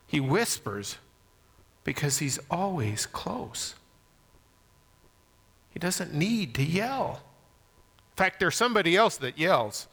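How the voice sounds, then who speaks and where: A man preaching a sermon, swinging from loud emphasis to soft near-whispers. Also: a little high, big pitch swings, takes it slowly, gravelly, long pauses, long reverb tail. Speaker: pastor.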